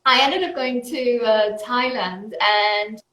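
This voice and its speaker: A woman from Austria talks in an easy, unhurried way over a video call, laughing often between thoughts. Her voice sits fairly high, and the sound carries a roomy echo. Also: fairly bright tone, slight background noise. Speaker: guest. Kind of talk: casual interview chat.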